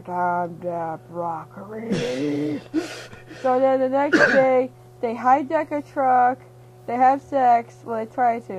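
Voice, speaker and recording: A woman's voice: high-pitched, a little mellow, muffled recording, slight background noise. A young woman, half-asleep and giddy, rambling through a silly retelling of a movie, giggling and acting out the characters' lines. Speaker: storyteller.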